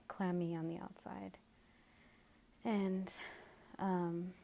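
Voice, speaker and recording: A young woman telling a personal story in a casual vlog, hesitant with many pauses and restarts, a little out of breath and sometimes dropping to a whisper. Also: lowish voice, warm tone. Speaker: vlogger.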